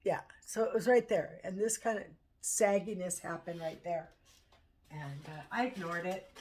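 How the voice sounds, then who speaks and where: A middle-aged woman chatting casually at home in a vlog, rambling and halting as she talks. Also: fairly low pitch, fairly even intonation, a little mellow. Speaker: vlogger. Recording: echoey room, far from mic.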